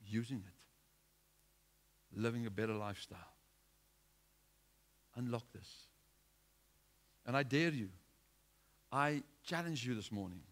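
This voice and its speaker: Male preacher, medium voice, exhorting sermon delivery with repetition. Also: medium pitch.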